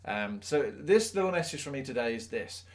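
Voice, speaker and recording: A man, a teacher, speaks to the camera in a motivational talk. His voice sits at a middle pitch, and he talks earnestly, leaning hard on key words. Now and then he drops in a self-mocking aside. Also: very animated, moderate pace.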